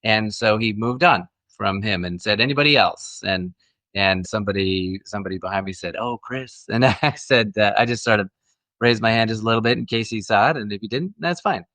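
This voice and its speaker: A man's voice: fairly low pitch, brisk, fairly bright tone, no room sound. A middle-aged man, an actor guest, telling stories in a friendly, casual interview chat with frequent restarts.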